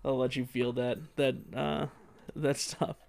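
A man's voice: medium pitch, level tone, a little slow, creaky, darkish tone. A man co-hosting a comedy podcast, reading listener emails aloud and reacting dryly. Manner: dry reactions, steers the show back on track. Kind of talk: casual comedic chat.

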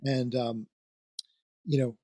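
A man's voice: medium pitch, level tone, slow, mellow, dry recording, studio quality. Rambling man with a Philadelphia-area accent. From New Jersey, near Trenton. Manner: rambling, many fillers and restarts. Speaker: podcast host. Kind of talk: casual interview chat.

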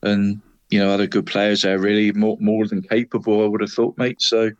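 A man's voice: on the low side, monotone, brisk, no room sound, dull audio. A man co-hosting a local football podcast, chatting in a rambling way and tagging lines with "mate". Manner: rambling, says "mate" and "Deeks" constantly. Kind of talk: casual football chat.

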